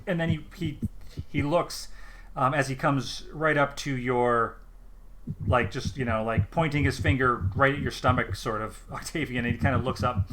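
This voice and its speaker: A man narrating a tabletop game as game master, halting with many fillers. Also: mid-range voice, steady tone, noisy background.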